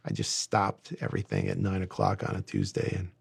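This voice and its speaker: A man's voice: low voice, big pitch swings, brisk, creaky. A man recounting a wry anecdote in an archival interview clip.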